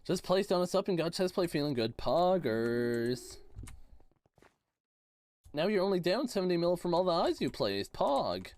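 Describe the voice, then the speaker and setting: Lively young Canadian man streaming a game. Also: high voice. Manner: playful, quick reactions, teasing viewers. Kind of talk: casual live-stream commentary reading chat.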